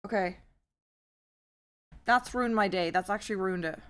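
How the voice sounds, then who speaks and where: A young woman streaming live, chatting casually and cursing freely, given to loud rants. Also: mid-range voice, normal speed, soft background music. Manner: foul-mouthed, swings into loud ranting outbursts.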